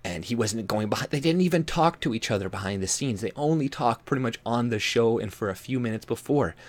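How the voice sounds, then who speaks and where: A man's voice: medium pitch, animated, fairly quick. A man from Canada ranting as a YouTube commentator, rambling and profane, with lots of "like" and "you know". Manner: rambling, profane, heavy on fillers. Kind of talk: casual rant commentary.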